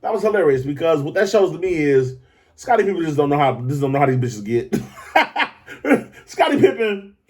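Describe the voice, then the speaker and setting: A man hosting a podcast, talking in a loose, profane, animated commentary style that keeps jumping up into excited high pitches. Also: fast talker. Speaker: podcast host. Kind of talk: casual commentary monologue.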